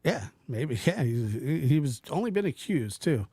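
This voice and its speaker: Animated rambling man on a livestream. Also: medium pitch, measured pace, breathy edge, dry recording. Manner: animated, rambling, self-interrupting, mimics voices in quotes. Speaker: livestream host reading chat. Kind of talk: casual livestream chat.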